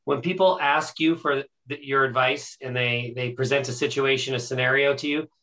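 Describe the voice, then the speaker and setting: Male podcast host, sharp bright tone, eager and wordy, keeps restarting his questions. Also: medium pitch, fairly even intonation, moderate pace, low-quality recording. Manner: enthusiastic, rambling questions with restarts. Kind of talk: casual interview talk.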